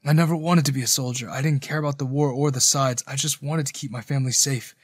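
A man voicing a wounded young male soldier who was forced into the army, speaking in a quiet, resigned way. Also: mid-range voice, fairly even intonation, quick pace, breathy edge, dry recording, close to an everyday voice. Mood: weary.

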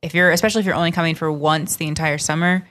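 A woman's voice: low-pitched, steady tone, rapid-fire, a bit bright. A woman co-hosting a podcast, friendly and thinking aloud as she shares picks. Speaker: podcast co-host. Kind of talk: casual chat.

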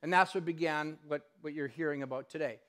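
Guy giving a fired-up talk in a lecture hall, high voice, tells stories and does the quotes. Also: fairly quick. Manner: impassioned, animated storyteller who acts out quotes. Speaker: public lecturer. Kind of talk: public lecture storytelling.

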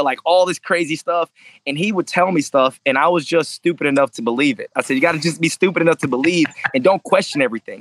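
A male fighter telling his story in a casual interview, intense and animated, with profanity scattered through his speech. His voice sits at an ordinary middle pitch. The sound is dry and close, with no room echo. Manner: intense, animated, swears freely. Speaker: MMA fighter, interview guest.

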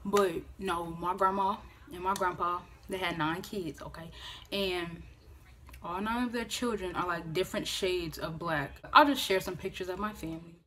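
A woman in her twenties telling a personal story on a phone-camera vlog, casual and animated, swearing freely and acting out what others said. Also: on the low side, normal speed. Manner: animated, profane, acts out quoted voices. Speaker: vlogger.

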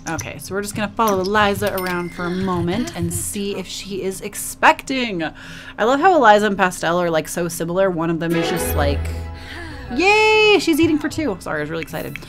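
Over music, a woman with a fairly low voice briskly narrates a life-simulation game for her gaming videos. She's chatty and emotive, cooing at her characters in casual let's-play commentary.

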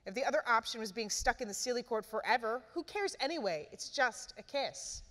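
A woman's voice: a little high, animated, a little fast, fairly bright tone, in a large hall. A woman reading as a blunt, impatient young woman. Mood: annoyed. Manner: firm, matter-of-fact.

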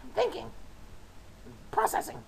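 A woman with a raspy voice, talking trash playfully and excitably while playing a card game, swearing as she goes. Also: unhurried, rough recording. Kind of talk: casual trash talk during a card duel.

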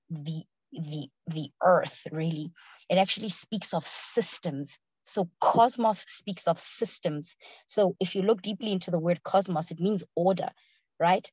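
Husky woman preaching. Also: fairly low pitch, darkish tone, no room sound, rough recording. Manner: earnest, quick-talking with frequent fillers and checks for understanding. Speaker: speaker at a ministry session. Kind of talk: sermon, teaching scripture.

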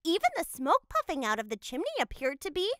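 A cheerful cat mother telling a cartoon storybook tale, her voice very high, bright and lively as it rises and falls. She narrates with unhurried playfulness, close and dry. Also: no echo, heavily acted.

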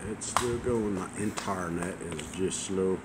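A man's voice: low-pitched, measured pace. A man casually checking a reading against the text, making brief, matter-of-fact corrections. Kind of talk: casual working chat. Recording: noisy background hiss.

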